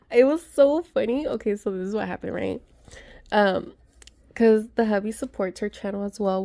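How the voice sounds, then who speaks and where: A woman chatting excitedly to her viewers as she unboxes gifts, gushing and talking to her audience. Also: medium pitch. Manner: gushing, chatty, many gasps and asides to viewers. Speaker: vlogger.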